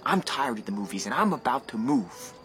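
A man's voice: medium pitch, big pitch swings, fairly quick, fairly bright tone, faint music behind. An actor playing a restless, sardonic young man who longs to get away and sometimes sinks to a whisper. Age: young adult. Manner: sardonic, brooding, drops to a whisper. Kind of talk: stage drama acting.

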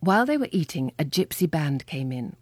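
A woman reading a children's storybook aloud with lively, expressive storytelling. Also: low voice, fairly quick, breathy edge, no room sound. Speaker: reader. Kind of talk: storybook read-aloud narration.

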